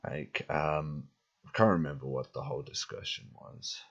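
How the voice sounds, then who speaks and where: Very deep husky-voiced young man. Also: moderate pace, lo-fi sound. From immigrant to Britain. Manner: rambling, frank, swears freely. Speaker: talk show host. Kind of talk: casual chat.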